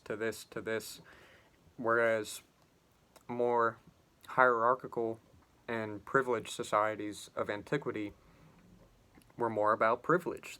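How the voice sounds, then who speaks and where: A man's voice: fairly low pitch, a bit bright. A man giving reflective commentary on a classic novel, musing aloud in loose phrasing with frequent restarts. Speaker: literature commentator.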